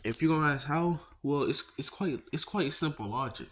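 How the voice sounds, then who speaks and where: A man's voice: fairly high pitch, normal speed, a bit bright, slight background noise. A man casually narrating a fan-made story, rambling with slang, swearing and asides.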